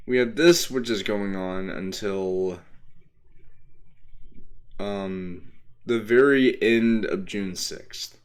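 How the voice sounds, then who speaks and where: A young man from Texas chats his way through a game stream, drifting between thoughts and picking up on what his chat says. His voice sits on the low side and he takes his time, with plenty of ums and uhs along the way. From Texas, USA. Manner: rambling, answers chat, many fillers. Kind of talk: casual live-stream chat.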